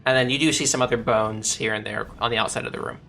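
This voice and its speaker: A man running a tabletop game as dungeon master, narrating the action and reading rules aloud in a steady, explanatory way. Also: lowish voice, quick pace, faint music behind.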